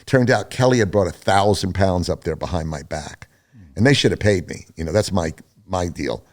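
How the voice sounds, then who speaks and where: Low-voiced older man spinning a yarn. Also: moderate pace. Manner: animated, acts out other people's lines in a raised voice; loose and chatty, full of fillers and restarts. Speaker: podcast guest. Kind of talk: rambling storytelling in an interview.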